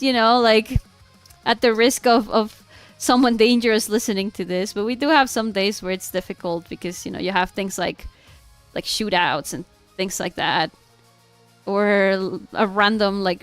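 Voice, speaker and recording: In a mid-range, fairly bright voice that's clear and resonant, a young Mexican woman with a Mexican accent chats while drawing on a stream. She's bubbly and giggly, mixing English with Spanish, and there's no echo.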